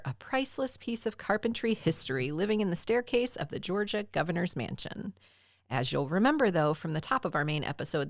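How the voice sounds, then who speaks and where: A woman's voice: fairly low pitch, no echo, clean studio sound. A woman with a Southern accent co-hosting a podcast in casual chat, laughing often and teasing her co-host.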